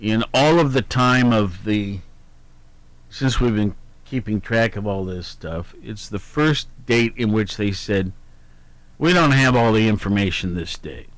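A man hosts a radio program at a slow, easygoing pace, reading the day's almanac and birthdays. He meanders, hums filler syllables between items and corrects his own slips aloud. His voice sits a little low and sounds close and dry, with no room around it. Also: no room sound. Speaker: radio show host. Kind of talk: casual on-air chat, reading daily almanac.

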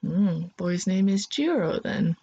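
A gentle, absent-minded old starship pilot, put on by a woman reading a story, muttering half to himself in a folksy drawl. He is poor and easily confused but kind, soothing a frightened child with a lowish, unhurried voice. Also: animated, creaky, breathy edge, highs cut off, exaggerated voice. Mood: gruff, muttering.

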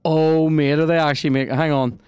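Sweary excitable Northern Irish man. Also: on the high side, fairly quick, clean tone, no echo. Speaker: podcast host playing a video game. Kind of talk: casual gameplay commentary.

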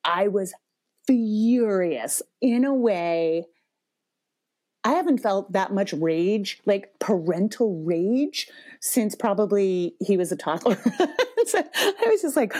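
A woman in her forties tells a personal story as a parenting podcast host, in a mid-pitched voice. She talks loosely and animated, swears freely and laughs often. When she acts out quotes her pitch jumps up. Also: slow. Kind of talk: casual storytelling.

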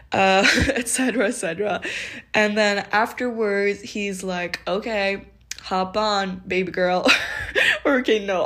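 A woman's voice: medium pitch, fairly bright tone. Woman, twenties, casual storytelling, chatty, filler-heavy, laughs often. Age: 20s.

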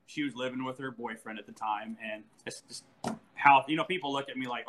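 A man in his forties talks in a bright, forward voice. He tells stories with animation, laughs often and restarts his sentences mid-thought. The feel is a relaxed, casual chat. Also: mid-range voice, a little fast, a little hiss or hum, rough recording. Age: 40s.

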